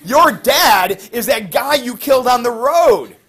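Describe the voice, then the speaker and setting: A blind old seer, as a male teacher puts him on, laying out grim news in a blunt, matter-of-fact way. The voice is raised and fairly high. It sounds like a casual classroom retelling. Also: expressive, a little slow, fairly bright tone, slightly rough, full character voice. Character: blind old wise man, blunt messenger.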